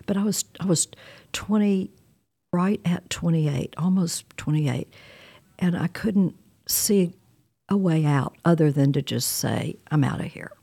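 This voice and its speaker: A woman's voice: on the low side, a little slow, creaky, breathy edge. A woman, telling a personal story in a candid, wry way. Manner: candid, wry, animated retelling with quoted dialogue.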